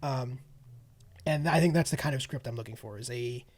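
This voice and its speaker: A man co-hosts a movie podcast in casual chat, his mid-range voice moving at a normal speed with a darkish tone. He rambles, restarts his sentences, and laughs easily.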